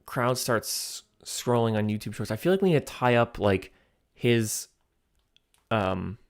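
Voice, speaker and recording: A man's voice: mid-range voice, animated, a little slow, no room sound, studio quality. A man hosting a livestream, thinking aloud while writing a comedy sketch, hesitant with many ums and chuckling as he reads lines aloud.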